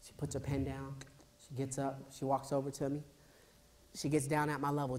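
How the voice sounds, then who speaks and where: Animated man telling stories to students. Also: a little high, fairly quick. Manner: animated storyteller who acts out scenes, makes sound effects and quizzes the crowd. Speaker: motivational speaker. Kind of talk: motivational school assembly speech. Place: high school assembly hall.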